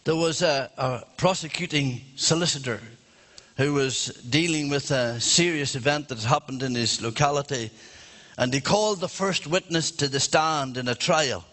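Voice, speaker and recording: A man's voice: a little high, moderate pace, fairly bright tone. A man preaching a sermon in a church, fervent and emphatic.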